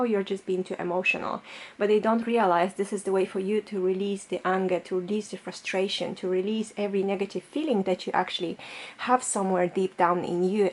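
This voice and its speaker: A woman's voice: medium pitch, a little mellow. A woman tarot reader doing a pick-a-card reading straight to the camera. She talks in a loose, reassuring way, with lots of fillers.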